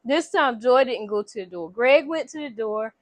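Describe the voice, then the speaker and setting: A woman's voice: a little high, lively intonation, moderate pace, no echo. A woman telling a story in casual chat at home, acting out the characters' lines with voices. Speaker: vlogger recapping a movie. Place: home room near a window.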